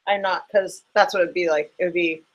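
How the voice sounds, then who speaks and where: A relaxed fiddle teacher talks through a lesson into a computer microphone. They count beats and hum rhythms while working things out aloud, at an ordinary middle pitch. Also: fairly quick, highs cut off, loud music behind the voice. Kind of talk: casual online lesson.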